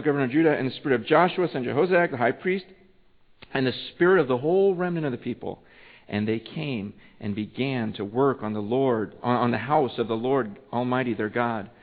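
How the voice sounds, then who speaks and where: Man preaching in a long echoing hall. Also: mid-range voice. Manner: swings from loud urgent preaching to hushed intimate tones. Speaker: pastor. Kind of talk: sermon. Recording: tinny phone-like sound with long hall reverb.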